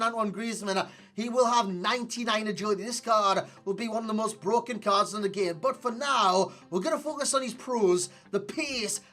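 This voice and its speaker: A man's voice: very high voice, sharp tone. Chatty Geordie man reviewing a game. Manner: chatty and rambling, repeats phrases, jokes at himself. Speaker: video game player reviewer. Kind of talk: casual gameplay review commentary. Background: faint background music.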